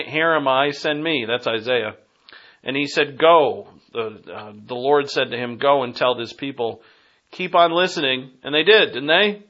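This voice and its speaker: A man's voice: mid-range voice, fairly bright tone, highs cut off. A man with a Boston accent preaching a Bible lesson, emphatic and digressive, rising to punch key phrases. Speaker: Bible teacher. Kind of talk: sermon.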